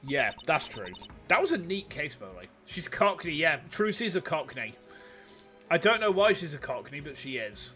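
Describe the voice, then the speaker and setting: Yorkshire game streamer, crude joking banter, music clearly audible behind. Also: male voice, on the high side, big pitch swings, moderate pace, bright, forceful tone.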